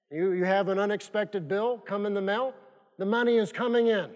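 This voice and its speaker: A man's voice: high-pitched, steady tone, normal speed, darkish tone. A male pastor preaching a sermon, repeating phrases emphatically and prompting the congregation to answer back. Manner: repetitive, emphatic preaching with call-and-response prompts. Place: church sanctuary. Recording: long reverb of a church hall.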